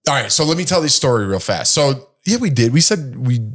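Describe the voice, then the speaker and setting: A man co-hosting a relaxed chat show, sitting at middle pitch. He rambles through a story, restarting sentences and bouncing into voices for each quoted line. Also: brisk. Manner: rambling, animated storyteller who acts out quotes. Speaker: podcast co-host.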